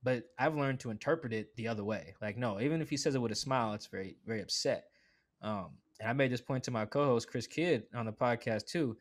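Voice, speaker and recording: Guesting on a sports podcast, a medium-pitched man keeps things conversational and energetic. He tosses out fast asides, mimics the voices of people he quotes, and says "like" constantly.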